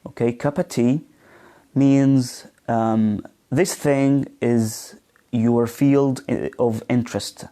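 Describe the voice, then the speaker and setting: A man of medium pitch and dark tone teaches a live pronunciation class online, his intonation fairly even. Slow and hesitant, with plenty of fillers, he models words and asks his students questions.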